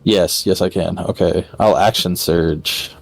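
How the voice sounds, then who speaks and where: A man's voice: deep voice, steady tone, measured pace, creaky. A man playing a tabletop game, talking hesitantly as he decides his moves. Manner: hesitant, full of ums and restarts. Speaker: player. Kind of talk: casual tabletop game play.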